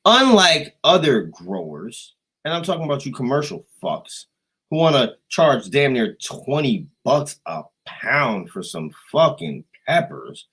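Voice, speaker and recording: A man's voice: mid-range voice, measured pace, slightly rough, rough recording. Profane, rambling American man. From United States. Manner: profane, excitable, jumps between loud outbursts and quiet asides. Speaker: livestream host. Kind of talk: rambling casual livestream chat.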